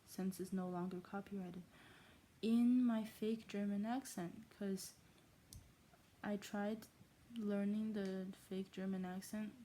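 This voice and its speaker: A woman's voice: medium pitch, warm tone, a little hiss or hum, low-quality recording. A woman vlogger chatting casually to camera, rambling and apologetic.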